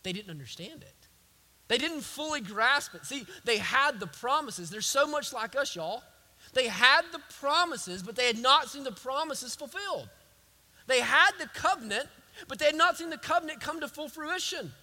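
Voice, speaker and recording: A man's voice: extremely high pitch, lively intonation, moderate pace, pushed and bright, big-room sound. A man preaching a sermon as a pastor, emphatic and repetitive.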